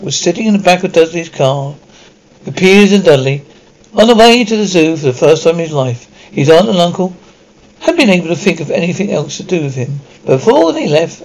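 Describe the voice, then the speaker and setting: A man's voice: fairly high pitch, a little mellow, low-quality recording. A man narrating an audiobook chapter, stumbling often and correcting himself mid-word. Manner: stumbling, frequent self-corrections. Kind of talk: audiobook reading.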